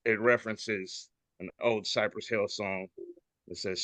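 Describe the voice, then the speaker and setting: A man's voice: lowish voice, fairly even intonation, a little slow, a bit bright, no echo, muffled recording. A man hosting a casual podcast, describing memes in a joking, irreverent way over a video call. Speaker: podcast host.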